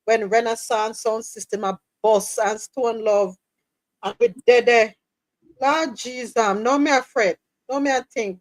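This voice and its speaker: High-voiced Caribbean woman hosting. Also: unhurried, no echo. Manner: animated, laughing, slips into patois. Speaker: live show host. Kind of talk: casual chat.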